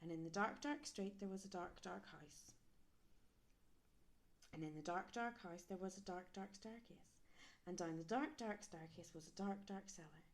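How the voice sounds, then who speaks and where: A woman reading a children's picture book aloud, animated and adding sound effects and questions for young listeners. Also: fairly low pitch, moderate pace.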